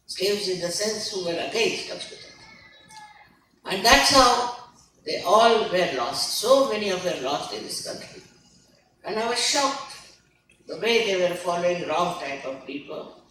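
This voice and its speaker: A woman's voice: fairly low pitch, lively intonation, measured pace, pauses often, fairly bright tone, a little hiss or hum. A woman giving an emphatic sermon as a spiritual teacher, scolding and asking rhetorical questions. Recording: echoey hall recording from far off.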